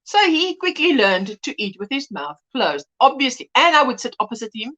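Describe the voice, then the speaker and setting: A middle-aged woman hosts a relaxed livestream, reading out viewer comments between stories. Her voice sits fairly high and swings widely in pitch as she acts out other people's voices. She laughs often and tells her anecdotes with animated energy. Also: normal speed. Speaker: livestream host.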